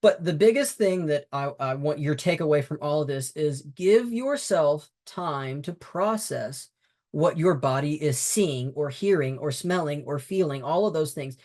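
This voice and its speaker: A man's voice: a little high, lively intonation, a little slow, a little mellow. A man teaching baseball umpires, talking them through game footage in a conversational, emphatic way with frequent fillers and restarts. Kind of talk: instructional talk over game footage.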